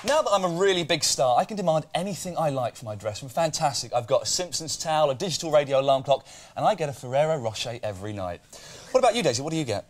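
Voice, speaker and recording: Brisk, playful male comedy presenter. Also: fairly high pitch, expressive. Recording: loud noise over the recording.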